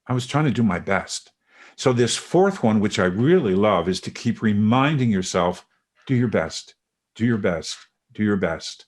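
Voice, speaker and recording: A middle-aged man hosting a casual podcast conversation, affirming and guiding the talk. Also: fairly low pitch. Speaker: podcast host.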